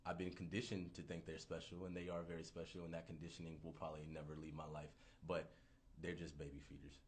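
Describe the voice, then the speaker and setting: A man in his thirties ranting casually on a livestream, profane, rambling and animated. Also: low voice, fast, slight background noise. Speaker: livestream host.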